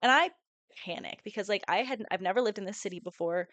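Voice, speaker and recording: A woman's voice: mid-range voice, fast talker, dry recording. A young woman in her twenties, a podcast co-host, telling a story casually with lots of swearing and acted-out quotes. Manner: animated storyteller, swears often, acts out quotes.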